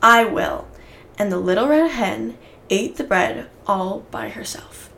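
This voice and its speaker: A woman reading a children's story aloud in a clear, steady storybook manner. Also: medium pitch, unhurried. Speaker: story reader.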